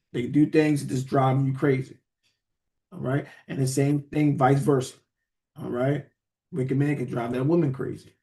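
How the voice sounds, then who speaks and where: A man's voice: mid-range voice, darkish tone. A man teaching a Bible study, conversational, often asking "right?" and reading verses aloud.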